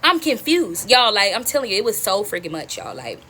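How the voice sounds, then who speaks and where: A young woman telling a personal story to her viewers in an animated, slangy way, calling them y'all and cursing freely. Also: mid-range voice, brisk, husky. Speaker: storytime vlogger.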